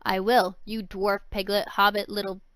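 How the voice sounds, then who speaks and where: Woman voicing a loud, snarling bully of a man. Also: medium pitch, little pitch movement, moderate pace, smooth, dry recording, natural voice. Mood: menacing. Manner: loud, snarling, name-calling. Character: menacing bullying grown man captor.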